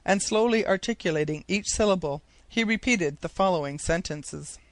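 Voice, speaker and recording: A man narrating an audiobook in a measured, steady storytelling manner. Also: sits high, dry recording. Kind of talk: scripted narration.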